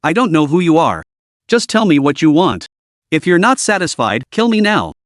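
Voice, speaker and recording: A man voicing a huge, short-tempered giant in crimson armor who speaks gruffly and impatiently, in a lively voice on a dry recording. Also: on the high side, normal speed, no room sound.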